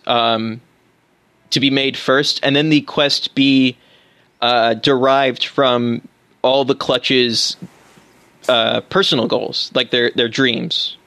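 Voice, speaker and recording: A man's voice: mid-range voice, fairly even intonation, slow, pushed and bright, no echo. A man co-hosting a casual podcast about tabletop games, talking enthusiastically with fillers and restarts. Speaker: podcast co-host.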